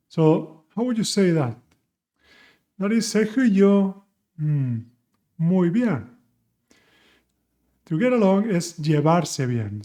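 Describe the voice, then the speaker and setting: A young man teaching a language lesson, playful and slowing down carefully to model each phrase. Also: a little high, dark tone. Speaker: Spanish teacher.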